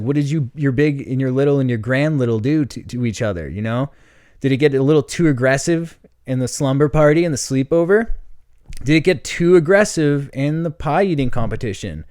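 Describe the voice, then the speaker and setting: A man's voice: mid-range voice, a little mellow, dry recording, clean studio sound. A young man hosting a solo comedy podcast, telling a rambling story with lots of fillers and laughter. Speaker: podcast host.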